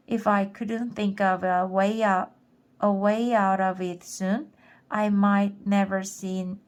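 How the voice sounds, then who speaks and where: A woman reading a children's chapter book aloud for English learners, going back over any word she stumbles on. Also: medium pitch. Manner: careful, rereading stumbled words. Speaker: storybook reader.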